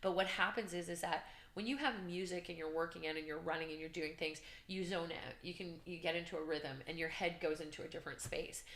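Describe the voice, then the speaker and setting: A woman guest telling her story in an interview, animated and earnest, acting out shouts and her own inner voice. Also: fairly low pitch, a little fast, hardly any pauses, roomy sound. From Canada. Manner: emotional, earnest. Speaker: podcast guest, business coach.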